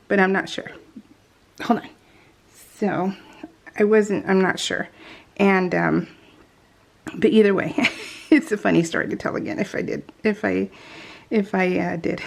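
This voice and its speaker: A woman's voice: medium pitch, measured pace, gravelly, long pauses. A middle-aged woman telling a family story over a crafting video, chatty and laughing often, with many restarts. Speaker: scrapbooking vlogger.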